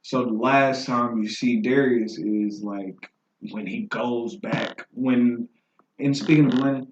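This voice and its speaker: A man's voice: medium pitch, steady tone, measured pace, a little hiss or hum. A man hosting a podcast in casual chat, laid-back, swearing often and acting out movie scenes. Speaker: podcast host. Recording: roomy lo-fi room recording.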